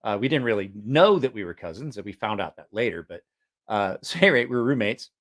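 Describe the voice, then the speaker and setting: A man's voice: on the low side, big pitch swings, quick pace, fairly bright tone. A man telling stories in a casual, rambling monologue, joking about himself and often restarting his sentences. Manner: rambling and chatty, with frequent fillers and restarts; frank, self-mocking humor. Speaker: vlogger.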